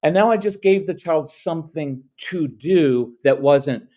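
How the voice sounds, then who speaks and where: A man's voice: a little high, animated, unhurried, few pauses, dark tone. Brief: middle-aged male parenting coach, podcast guest, firm and matter-of-fact, plays out sample dialogue. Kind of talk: podcast interview.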